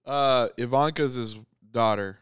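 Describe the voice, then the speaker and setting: A man's voice: medium pitch, a little slow, smooth, no echo. A man co-hosting a podcast, chatting casually and doing dry mock-solemn bits. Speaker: podcast co-host.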